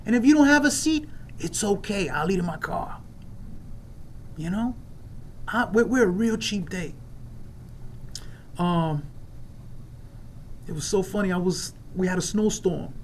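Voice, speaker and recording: A man's voice: high voice, lively intonation, unhurried, pauses often, a little hiss or hum. A man from New York giving an earnest personal share at an online recovery meeting, repeating phrases for emphasis. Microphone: video call.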